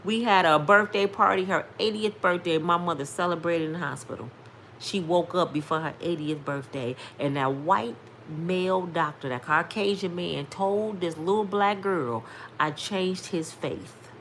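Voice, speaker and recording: A woman's voice: lowish voice, normal speed, a bit bright, slight background noise. A woman in her fifties speaking directly to her viewers, telling a testimony in an emphatic, preacher-like way. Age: 50s. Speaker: vlogger sharing testimony. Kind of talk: casual storytelling testimony.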